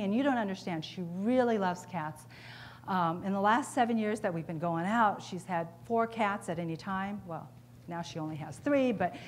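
A woman's voice: mid-range voice, a little hiss or hum, lightly acted. A woman voicing a distracted, rattled male customer who rambles in a flustered way.

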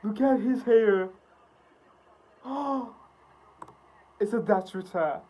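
A woman with hosting a music video reaction, gasping, laughing and swearing excitedly. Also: on the high side, drawn-out words.

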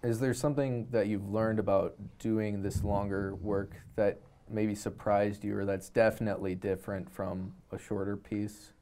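A man's voice: on the low side, fairly even intonation, normal speed, hardly any pauses, dark tone, slight background noise. A man hosting a casual talk show, asking long, rambling questions of his guests. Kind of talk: casual interview chat.

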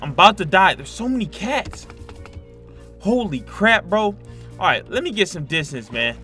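A man's voice: high voice, very animated, moderate pace, bright, forceful tone, faint music behind. A young man commentating a Minecraft horror play-through, slangy and jumpy, yelping and screaming at scares. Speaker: gaming YouTuber.

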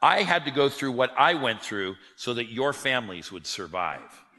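In a large hall with long, ringing reverb, a man preaches at a moderate pace, his medium-pitched voice bright and forceful. He's an animated storyteller who performs the quoted lines of the people in his account.

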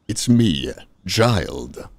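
A man doing a deep, slow-drawling impression of a cocky, playfully menacing young male warrior on a livestream. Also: big pitch swings, no echo, heavily acted. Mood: brooding.

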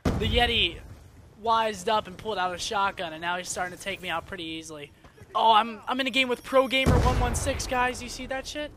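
A young man commentating live over his own shooter match, excitable and swearing, flaring into frustrated outbursts. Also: sits high, brisk. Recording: noisy game sound underneath. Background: game gunfire and effects.

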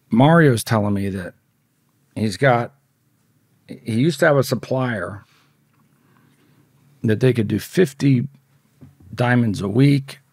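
A man's voice: fairly low pitch, vocal fry, a little mellow, slightly rough, no echo, studio quality. A man who is a podcast guest, telling a story in a blunt, profane, casual way and acting out the dialogue.

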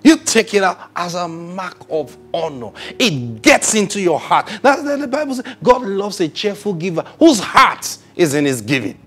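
A male pastor preaching a sermon, swinging between loud emphatic bursts and soft near-whispers. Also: high voice, sing-song, normal speed, few pauses, slightly rough.

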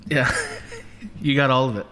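A man's voice: medium pitch, normal speed, sharp tone, big-room sound. A man co-hosting a podcast in casual chat, playful and bantering, often laughing. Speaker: podcast co-host.

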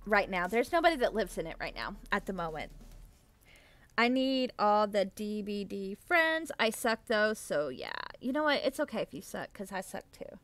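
A woman's voice: mid-range voice, sing-song, normal speed, a bit bright, no room sound, faint music behind. A young adult woman chatting casually with viewers on a live stream, bubbly and giggly, thanking them effusively. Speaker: livestreamer.

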